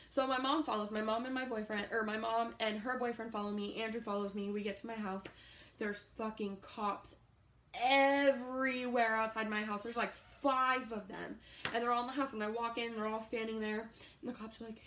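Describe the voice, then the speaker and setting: Animated, profane young woman telling a story. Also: on the high side, fairly quick, slight background noise. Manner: animated, profane, rambling with many fillers. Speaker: YouTuber. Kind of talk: casual storytime vlog.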